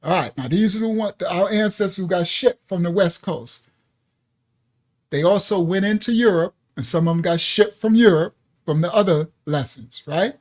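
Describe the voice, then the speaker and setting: A man's voice: high-pitched, normal speed. A man hosting a livestreamed religious teaching, talking casually and emphatically to viewers at home and laughing often. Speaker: ministry teacher.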